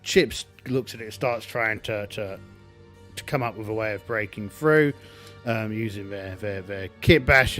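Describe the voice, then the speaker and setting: A man's voice: lowish voice, pushed and bright. Man musing through a solo tabletop game. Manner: musing aloud, many restarts and fillers.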